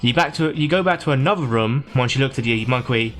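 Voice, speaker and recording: A man livestreaming, casually recapping a video game plot in a hurried, rambling way. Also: medium pitch, a bit bright, faint music behind.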